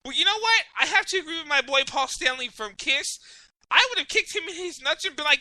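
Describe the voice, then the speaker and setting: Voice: high voice, expressive, fairly quick, pushed and bright, dry recording, poor audio. A podcast host ranting in casual profane chat, rambling and apologizing as they go. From Mexican heritage.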